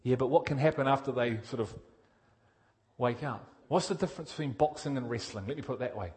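This sermon comes from a man with a medium-pitched voice speaking a little fast. He's energetic and direct, asking his listeners questions while shifting from loud emphasis to quiet intensity.

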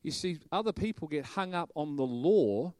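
A male preacher, delivering a lively sermon that swings from quiet stress on words to loud bursts. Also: on the high side, moderate pace, no echo, studio quality. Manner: animated, bursts into loud shouting and laughter.

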